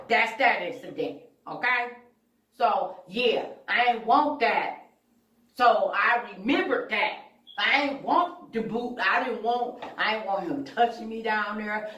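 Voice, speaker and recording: A woman's voice: medium pitch, fairly bright tone. A woman hosting her own channel, telling a personal story in a blunt, candid way with plenty of profanity. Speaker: channel host. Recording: echoey room, voice far from mic.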